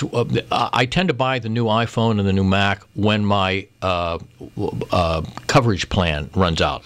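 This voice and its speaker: A man's voice: fairly low pitch, no echo. A male radio guest who tells wry, meandering comic stories about himself, with many restarts. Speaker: guest humorist. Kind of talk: rambling comic chat.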